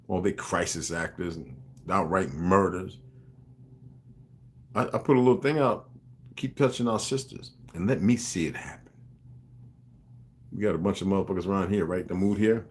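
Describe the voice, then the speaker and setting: With slight background noise, a man with a low voice rants unscripted on a livestream at a moderate pace, pausing often. He's emphatic and profane, rambling and greeting chat viewers by name.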